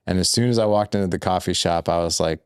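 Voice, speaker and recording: A man's voice: low voice, quick pace, clear, resonant tone, no echo, studio quality. A man who is a guest on a podcast, telling a personal story in loose, candid conversation, full of "like" and "I was like". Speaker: podcast guest, fatherhood coach.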